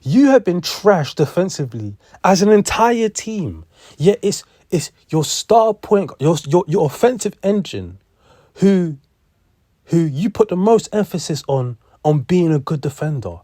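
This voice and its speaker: A man's voice: high voice, sing-song, measured pace, warm tone, no echo, clean studio sound. A young man, ranting in heated sports commentary, repeating himself and swearing. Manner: heated, repetitive, profane.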